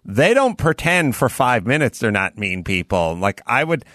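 A man hosting a casual comedy talk show, telling lively anecdotes and mimicking people. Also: medium pitch, normal speed, no room sound, clean studio sound. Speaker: host.

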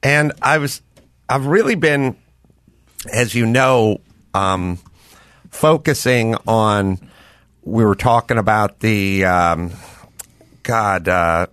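A man's voice: fairly low pitch, slow, long pauses, fairly bright tone, smooth, no room sound. A man hosting a podcast in casual chat, rambling, joking and asking questions. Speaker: podcast host.

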